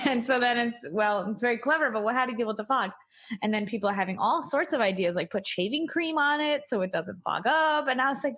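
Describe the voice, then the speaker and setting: A woman's voice: fairly high pitch, expressive, moderate pace, a bit bright. A woman who hosts a podcast and works as an audiologist, asking questions in a casual, encouraging way. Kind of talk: casual interview.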